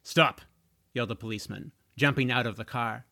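A man narrating a chapter of a children's fantasy audiobook in a slow, expressive storytelling manner. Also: medium pitch, gravelly, dry recording, studio quality.

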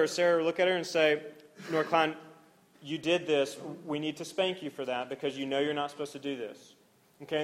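A young male pastor delivers an earnest sermon in a slightly raised voice. He builds to swelling, emphatic passages, then drops to soft, near-hushed lines. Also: a little high. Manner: earnest, swings from rising intensity to near-hushed softness.

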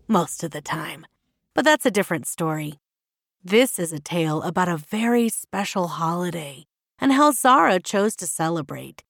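A woman reading a children's storybook aloud, with playful asides to the listener. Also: lowish voice. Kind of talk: scripted storybook narration.

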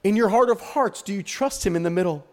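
Man, pastor, high-pitched voice, dramatic sermon delivery, repeated rhetorical questions. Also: quick pace, a little mellow.

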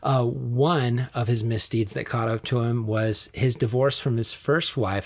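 A man hosting a podcast, casually retelling Bible history, animated and quick to laugh as he tells the story. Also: medium pitch. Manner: animated storyteller, laughs often, acts out quotes. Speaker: podcast host.

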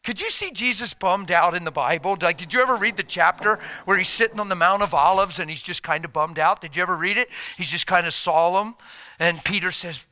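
Man preaching a sermon, with a high, bright voice and animated, humorous storytelling. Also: a little fast.

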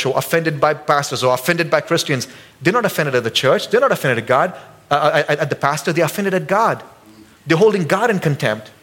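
Animated, joking preacher. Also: male voice. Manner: animated storytelling, jumps high when acting out quotes; casual and joking with the congregation. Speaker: pastor. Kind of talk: sermon. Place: church service.

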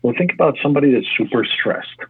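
Husky-voiced man on a tinny line. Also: medium pitch, no room sound. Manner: energetic, talks in quick restarts. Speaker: gym owner and fitness coach. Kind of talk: casual interview talk.

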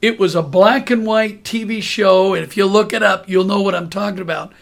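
High-voiced older man telling a story. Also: brisk, gravelly. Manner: lively, chuckling narration. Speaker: podcast host. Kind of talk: storytelling anecdote.

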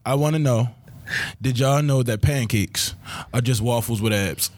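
A man's voice: medium pitch, a little mellow. A man co-hosting a casual podcast, joking around and rambling playfully with his co-host and guest. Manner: playful, rambling, quick talker.

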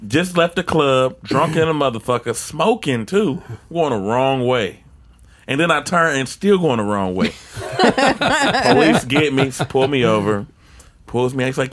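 A man's voice: mid-range voice, unhurried. A young man co-hosting a podcast, telling a story in casual chat, swearing freely and acting out the voices. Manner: animated storyteller, acts out voices, swears a lot. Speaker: podcast co-host.

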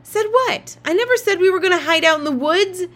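A woman's voice: high voice, lively intonation, moderate pace, pitched above the performer's own voice. A woman reading aloud and voicing a bossy young girl who bickers with her little brother in an exasperated, scolding way. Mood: yelling.

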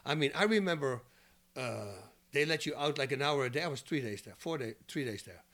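A man telling animated stories as a podcast guest, breaking into laughter at his own punchlines. His pitch sits at an everyday middle, and his delivery is loose and conversational. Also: a little fast. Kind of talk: animated storytelling.

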